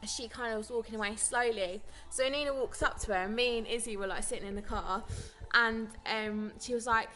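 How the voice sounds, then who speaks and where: A woman's voice: on the high side, steady tone, a little fast, sharp tone, soft background music. A young British woman chatting casually to camera as a vlogger, telling stories in a rambling way. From Britain. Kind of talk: casual vlog chat.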